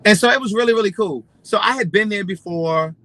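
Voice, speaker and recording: A man chatting casually to his viewers, telling stories in a gossipy, animated way. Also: high-pitched, brisk, poor audio. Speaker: vlogger. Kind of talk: casual storytelling chat.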